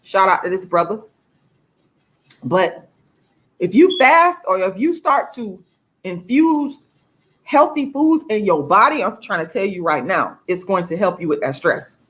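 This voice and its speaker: A woman's voice: mid-range voice, expressive, a little slow, fairly bright tone. A woman, talking casually and emphatically to her viewers in a livestream vlog. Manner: chatty, emphatic, addresses viewers as y'all. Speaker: vlogger.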